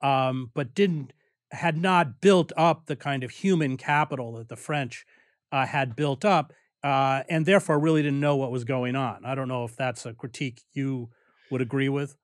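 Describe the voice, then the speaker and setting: A man hosting an interview, putting measured questions to his guest. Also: medium pitch, dry recording, clean studio sound. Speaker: host.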